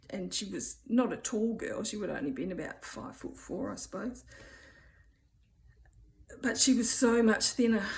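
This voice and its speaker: A woman in her fifties with an Australian accent tells a story in a casual, chatty vlog, rambling with many "um"s and "anyway"s. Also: medium pitch. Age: 50s. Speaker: vlogger.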